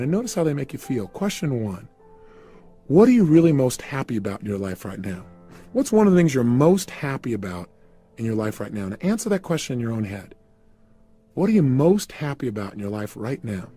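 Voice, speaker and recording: A man's voice: medium pitch, warm tone, breathy edge. A man giving a guided motivational talk, emphatically firing repeated questions at the listener. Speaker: motivational speaker.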